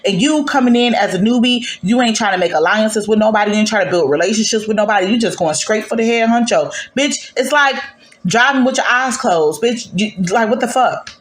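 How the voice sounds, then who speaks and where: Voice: medium pitch, a little fast, reverberant. Sassy, profane reality-TV recapper. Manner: sassy, profane, emphatic asides. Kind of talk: casual gossip recap.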